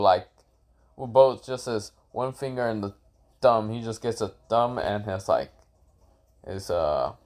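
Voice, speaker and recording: A man's voice: lowish voice, darkish tone. A man casually retelling a fan story, rambling with lots of fillers and cursing. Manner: rambling, with many fillers and profanity.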